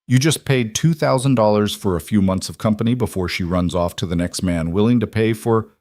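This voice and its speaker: A man's voice: lowish voice, a little fast, darkish tone, dry recording, studio quality, close to an everyday voice. A man voicing a cruel frontier man who talks in a sneering, contemptuous way.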